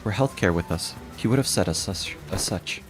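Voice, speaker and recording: Man playing a low, measured military analyst, clipped and dry. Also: over music, lightly acted. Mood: clinical. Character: calm, clipped military strategist.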